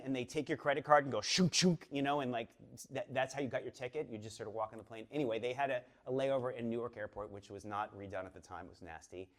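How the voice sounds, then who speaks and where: Before a live audience on stage, a Boston-area man in his fifties relates a personal story in a lively, conversational manner, with plenty of fillers and restarts. His pitch is medium.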